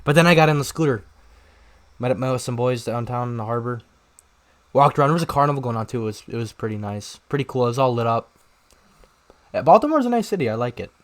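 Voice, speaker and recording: A young man co-hosting a podcast, telling a rambling story in casual chat and shouting out the lines he quotes. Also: medium pitch, lively intonation, quick pace, long pauses. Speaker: podcast co-host.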